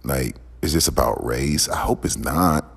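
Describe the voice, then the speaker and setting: A man's voice: extremely low pitch, unhurried, gravelly, husky. A man delivering a heated, profane, repetitive rant as a podcast host. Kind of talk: angry ranting monologue. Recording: long echoing reverb.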